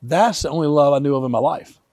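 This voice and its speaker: A man in his fifties, an author telling personal stories in an earnest, animated way. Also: fairly high pitch, fast talker, dry recording, clean studio sound. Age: 50s. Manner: animated, earnest, vivid retelling. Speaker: author and guest. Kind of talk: emotional personal storytelling.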